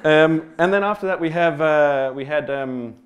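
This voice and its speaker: The audio has its highs cut off, and the Australian man's fairly high voice moves at a moderate pace. Giving a stage talk, he recounts a humorous personal story, rambling with fillers and restarts, self-deprecation and casual swearing.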